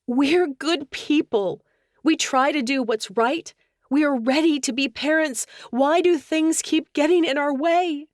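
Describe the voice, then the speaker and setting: A woman's voice: a little high, normal speed, no echo, clean studio sound, voice pushed up, lightly acted. A woman voicing an anguished tearful young wife. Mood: distraught. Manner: pleading, breaking with tears. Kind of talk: audiobook character dialogue.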